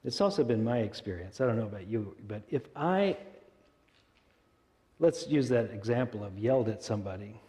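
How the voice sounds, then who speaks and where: A man's voice: fairly low pitch, expressive, normal speed, warm tone, in a large hall. A male minister giving a conversational sermon, often asking the congregation rhetorical questions. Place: church sanctuary.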